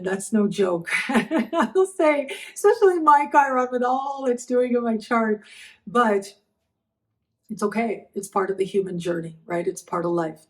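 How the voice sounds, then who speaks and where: A woman's voice: mid-range voice, a little mellow. Middle-aged woman, astrology vlog host, emotional and grateful, stops and starts, recovering after bed rest. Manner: emotional, grateful, halting with repeated thanks. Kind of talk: heartfelt personal talk to camera.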